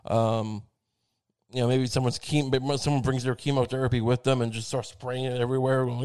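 A man's voice: mid-range voice, level tone, a little fast, a little mellow, smooth. A man on a crude, rambling comedic rant, swearing constantly and digressing, slipping into mocking voices for the people he quotes.

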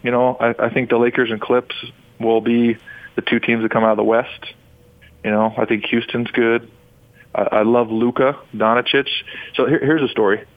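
A man's voice: medium pitch, level tone, moderate pace, no echo. A man in his thirties from Utah, a former pro basketball player, telling stories as a guest in a rambling, enthusiastic way. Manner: rambling and enthusiastic, frequent restarts. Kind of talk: sports radio phone interview. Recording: tinny phone line.

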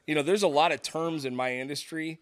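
A man's voice: on the high side, brisk, no echo. A man co-hosting a podcast in casual chat, swearing a lot, emphatic, often saying "dude". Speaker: podcast co-host.

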